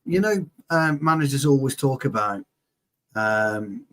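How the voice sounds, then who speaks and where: A man's voice: medium pitch, expressive, measured pace, a bit bright. A man co-hosting a football show in casual chat, boisterous and joking, swearing freely.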